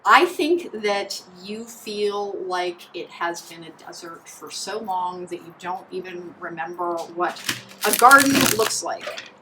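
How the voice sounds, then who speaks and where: Woman tarot reader, mid pitch, rambling and chatty, faint room noise behind. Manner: chatty, meandering, full of "like" and restarts. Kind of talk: pick-a-card tarot reading.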